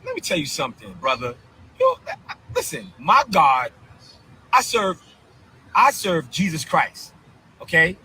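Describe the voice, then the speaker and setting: A bishop ranting on a live stream in a fiery, confrontational preaching cadence, full of incredulous repeated outbursts. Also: male voice, a little high, huge pitch swings, a little slow, pauses often, sharp tone, a little hiss or hum, low-quality recording. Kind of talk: heated live-stream rant.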